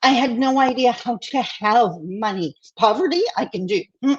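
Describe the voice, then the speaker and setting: Woman co-host, higher voice, candid and self-mocking, on a muffled video call. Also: normal speed, breathy edge. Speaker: podcast co-host. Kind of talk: casual podcast chat over video call.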